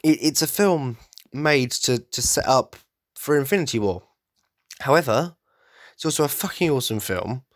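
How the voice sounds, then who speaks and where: A man's voice: medium pitch, lively intonation, normal speed, no echo, studio quality. A rambling, stuffy-nosed man on a podcast. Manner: rambling and enthusiastic, with restarts and stutters. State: blocked up, slightly nasal from hay fever. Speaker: podcast host. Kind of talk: casual solo podcast monologue.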